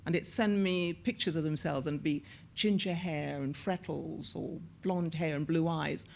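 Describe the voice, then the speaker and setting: A woman in her sixties, an actor and former TV presenter, telling lively stories in an onstage interview and acting out the voices she quotes. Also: low voice, a little slow, creaky, slight background noise. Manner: lively storyteller who acts out quoted voices. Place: on a stage at a screening event.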